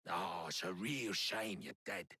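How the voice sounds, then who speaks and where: An actor playing a male criminal who gloats slowly and coldly. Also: low voice, pushed and bright, slightly rough, full character voice. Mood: gloating.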